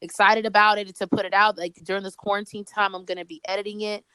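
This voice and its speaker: A woman comedian, a podcast guest speaking by phone, telling a story in an animated way with many restarts. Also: mid-range voice, fast, clear, resonant tone, dry recording, rough recording. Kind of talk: casual chat.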